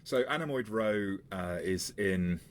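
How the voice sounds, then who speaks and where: A male game master with a very low voice narrates a tabletop game in a halting way, pausing and restarting as he goes. A faint hiss sits under the recording. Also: expressive. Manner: halting, with many fillers and restarts.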